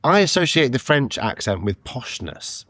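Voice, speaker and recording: A man co-hosting a podcast, joking around and swearing casually as he chats. His pitch swings widely from line to line, and the sound is dry and close. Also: sing-song, moderate pace, a bit bright, dry recording. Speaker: podcast co-host. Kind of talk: casual chat.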